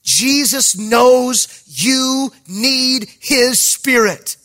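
A pastor giving an emphatic sermon, with jokey asides and bursts of raised voice. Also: male voice, very high-pitched, drawn-out words, sharp tone, soft background music.

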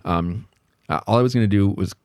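A man's voice: on the low side, fairly quick, darkish tone, no room sound, clean studio sound. A man hosting a podcast, telling a story from his working life in a rambling, self-deprecating, reflective way with lots of fillers. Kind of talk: casual storytelling monologue.

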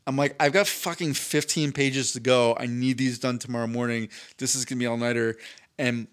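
A man's voice: mid-range voice, steady tone, a little fast. A young man tells a story on a casual podcast, candid and freely profane. He makes fun of himself as he goes along. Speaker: podcast co-host.

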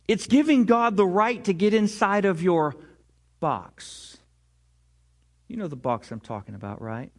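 A man preaching a sermon in a conversational way, often restarting his sentences and sometimes dropping suddenly to a quiet voice. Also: high-pitched. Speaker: pastor. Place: church sanctuary.

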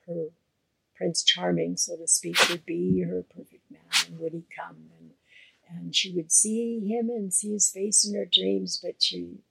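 A woman telling a traditional story out loud in an unhurried way, full of fillers and trailing soft phrases. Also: lowish voice, level tone, a little hiss or hum, rough recording. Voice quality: husky, gravelly. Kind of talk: oral storytelling.

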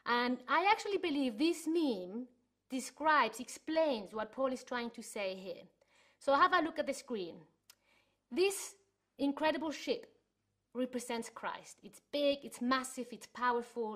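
A woman's voice: high voice, fairly bright tone. A woman from Chile giving an earnest sermon to an online church congregation, telling stories as she teaches. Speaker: church speaker.

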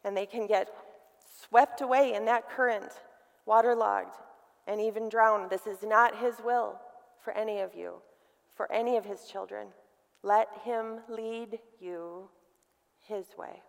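A middle-aged woman, a women's ministry speaker, preaches a sermon to women, emphatically calling on listeners to repeat key words. Her mid-range voice is steady, a little slow and creaky, with long reverb from a hall.

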